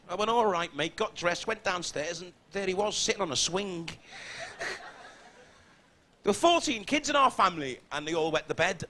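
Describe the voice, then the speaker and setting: A man's voice: high voice, lively intonation, normal speed, bright, forceful tone, a little hiss or hum. A man with a Scouse accent doing crude, brash stand-up comedy on a theatre stage. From Liverpool, England. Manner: brash, crude, swearing punchlines.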